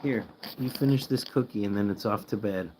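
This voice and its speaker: A man hosting a pet channel's late-night livestream, sleepy, soft-spoken and cooing to his guinea pigs at home. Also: on the low side, brisk, slight background noise, low-quality recording.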